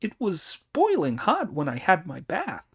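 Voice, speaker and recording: A brash immortal monkey hero bellows his taunts in a raised, high voice, as a man reads him out. He is quick to anger and loud. The pace stays slow and deliberate. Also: huge pitch swings, husky, heavily acted. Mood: suspicious.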